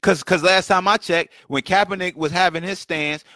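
A man's voice: high-pitched, fairly even intonation, fairly quick, few pauses, a bit bright, no echo, clean studio sound. A man hosting his own podcast, delivering heated rhetorical commentary with lots of repetition and mocking questions. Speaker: podcast host. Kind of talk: impassioned solo commentary. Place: home setup, livestream.

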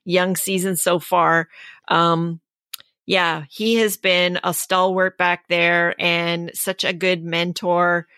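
A woman co-hosting a podcast in casual sports chat, measured and agreeable, with many fillers. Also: on the low side, little pitch movement, bright, forceful tone, no echo. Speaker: podcast co-host.

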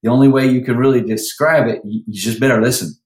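A man's voice: mid-range voice, steady tone, fast talker, darkish tone, reverberant, rough recording. A man who works as a vocal coach, talking animatedly in a podcast interview and breaking into sung lines now and then.

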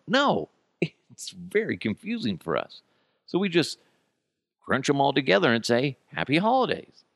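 Man in his thirties, podcast host, low voice, very lively swings, sarcastic, profane rant, close dry mic. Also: no room sound. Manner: profane, sarcastic, sudden yelled outbursts. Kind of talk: casual comedic rant.

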